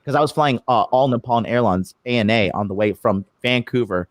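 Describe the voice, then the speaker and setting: A man telling a long travel complaint in casual podcast chat, profane and animated, acting out the people he quarrels with. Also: mid-range voice, brisk, dry recording. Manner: profane, animated retelling with acted quotes. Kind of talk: casual storytelling. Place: lives abroad in Japan.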